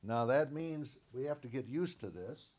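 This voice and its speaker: A man teaching from scripture at an unhurried pace, his voice sitting at an ordinary middle pitch. He leans on key words by saying them again and again. He poses questions and then answers them himself. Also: lively intonation, dark tone, husky. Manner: emphatic, repeats key words for stress. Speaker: Bible teacher. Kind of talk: Bible teaching.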